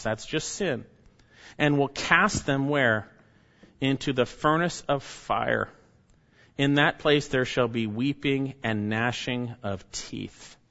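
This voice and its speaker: A man preaching a sermon, reading scripture and pressing his listeners with emphatic, urgent rises and hushed drops. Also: medium pitch. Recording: dull sound, long reverb of a church hall.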